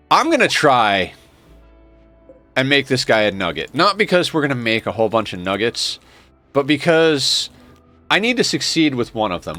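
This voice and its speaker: A man's voice: medium pitch, a bit bright. A man streaming a game, chatting casually and enthusiastically with lots of fillers, still in his groggy morning voice. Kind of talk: casual gameplay commentary.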